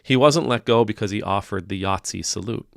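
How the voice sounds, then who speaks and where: A man's voice: fairly low pitch, brisk, creaky, no echo, clean studio sound. A man, a priest, giving casual spoken commentary in a wry, teasing, conversational way.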